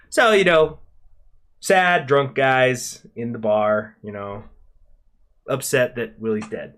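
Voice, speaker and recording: A man's voice: mid-range voice, takes it slowly, pauses often, a bit bright. A man hosting a casual gameplay video, talking to viewers in a rambling, chatty way and swearing freely. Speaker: gaming channel host.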